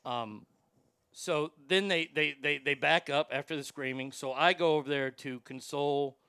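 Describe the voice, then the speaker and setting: A man casually telling a story on a chat show, animated and profane, jumping from loud bursts to hushed asides. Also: a little high, normal speed, smooth, no room sound.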